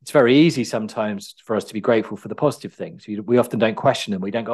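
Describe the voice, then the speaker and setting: A man giving a calm, reflective motivational talk, telling a story in a conversational way. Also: lowish voice, rapid-fire, few pauses, slightly rough. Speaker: self-help speaker.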